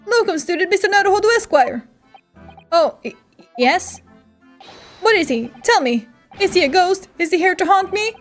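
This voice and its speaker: A woman voicing an excitable, melodramatic young man who wails and stammers that he is cursed, while reading game dialogue aloud. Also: extremely high pitch, normal speed, long pauses, soft background music, voice pushed up. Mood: frantic. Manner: wailing, theatrical, stammering outbursts.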